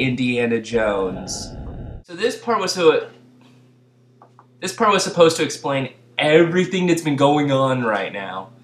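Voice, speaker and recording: A sarcastic young man narrates a comedic movie review, cursing freely and yelling the same gag over and over. His pitch swings up and down a lot, and the recording has a roomy echo. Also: slight background noise. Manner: sarcastic, swears, breaks into repeated yelled gags. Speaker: video reviewer.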